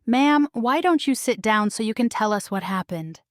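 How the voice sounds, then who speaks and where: A woman voicing a gentle, motherly woman who takes charge, in an audiobook. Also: a little high, lively intonation, normal speed, dry recording, studio quality, natural voice. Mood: caring. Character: calm motherly woman baker friend.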